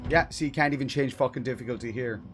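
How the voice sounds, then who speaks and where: A man's voice: mid-range voice, fast talker, music in the background. A man streaming a video game, ranting in frustration and swearing often. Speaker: gaming streamer. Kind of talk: casual live-stream commentary.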